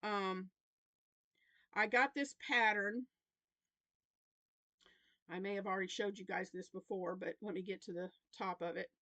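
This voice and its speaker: A woman's voice: medium pitch, steady tone, measured pace, pauses often, pushed and bright, no echo. A grandmother in her fifties with a Southern American accent, chatting to camera about her week in a rambling, restarting way. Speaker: crochet vlogger. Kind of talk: casual chat to camera.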